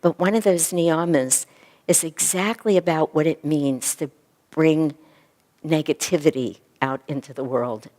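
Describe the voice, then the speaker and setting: A woman teaching a spiritual yoga class, talking earnestly and often softly to a group. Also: low-pitched, a little slow. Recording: echoey hall recording.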